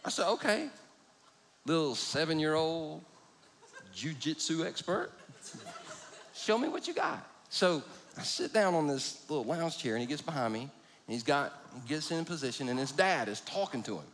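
A man's voice: a little high, lively intonation, moderate pace, fairly bright tone, slight background noise. A middle-aged man preaching a sermon, telling stories with self-deprecating humor. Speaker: pastor. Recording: long reverb of a large hall.

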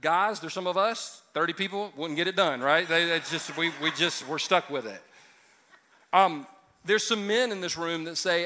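A man's voice: fairly high pitch, moderate pace, pushed and bright. A man in his fifties preaching a sermon to a church audience, conversational and emphatic, mixing jokes with serious points. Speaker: pastor.

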